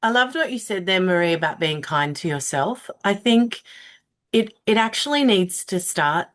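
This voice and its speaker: A woman's voice: lowish voice, expressive, moderate pace. A woman taking part in a casual group discussion. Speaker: session participant.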